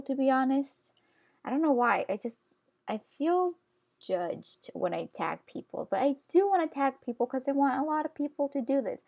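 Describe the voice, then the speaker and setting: A woman's voice: medium pitch, darkish tone. Young woman just chatting while she draws, kinda rambly, pokes fun at herself and laughs a bunch. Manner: chatty, self-mocking, laughs often. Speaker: art YouTuber. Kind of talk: rambling casual commentary while drawing. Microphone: computer screen-recording voice-over.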